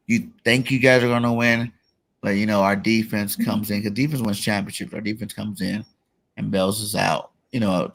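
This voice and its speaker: A man hosting a casual sports talk show, relaxed and full of "you know" fillers. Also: fairly low pitch, vocal fry. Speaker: podcast host.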